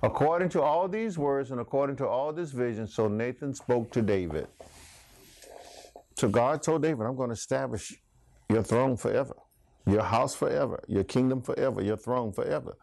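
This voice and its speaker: A man's voice: mid-range voice, moderate pace, vocal fry, a little mellow, no room sound. A middle-aged man teaching a Bible class in a folksy sermon style, asking the class questions. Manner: folksy, laughs often, asks the class questions.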